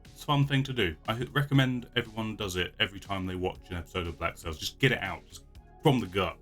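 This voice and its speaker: Low bright-voiced chatty man. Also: quick pace, faint music behind. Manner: chatty, rambling with frequent restarts and laughs. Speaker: vlogger. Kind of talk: casual chat.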